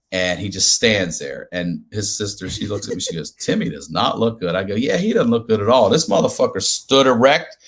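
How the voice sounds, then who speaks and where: A man telling a comedic story as a podcast guest, animated and profane, acting out the people in it. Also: medium pitch. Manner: animated, profane, acts out quoted voices.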